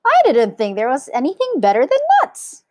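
A woman voicing an excitable male monkey in a children's story, squealing and loud. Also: high-pitched, moderate pace, no room sound, clean studio sound, voice pushed up. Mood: shrill alarmed. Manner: squealing, alarmed.

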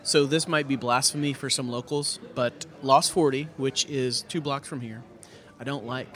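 At a brewery taproom, a pastor who co-hosts a podcast chats earnestly and laughs easily in his medium-pitched, slightly bright voice. His intonation stays fairly even and his speed is normal. The busy crowd's chatter fills the background of the recording.

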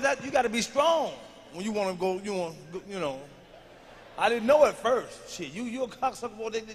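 Loud profane high-voiced male comic. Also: slight background noise. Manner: loud, profane storytelling that builds to shouting. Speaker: stand-up comedian. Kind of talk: stand-up comedy set. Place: stage before a live audience.

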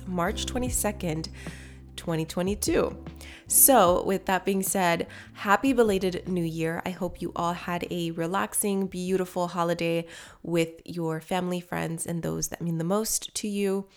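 A young woman with a fairly low voice talks through a solo skincare podcast, chatty and candid, with easy laughs. Allergies have left her sounding congested. She speaks like a host sharing personal updates with her listeners. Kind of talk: casual solo podcast chat.

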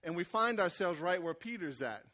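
A man's voice: sits high, expressive, moderate pace, pushed and bright. A man preaching a sermon in a conversational, call-and-response way, acting out the people he talks about.

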